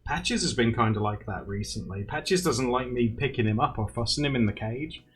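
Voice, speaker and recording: A man's voice: mid-range voice, normal speed. A young man livestreaming to viewers in casual, rambling chat. He laughs often and acts out quotes. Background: faint music.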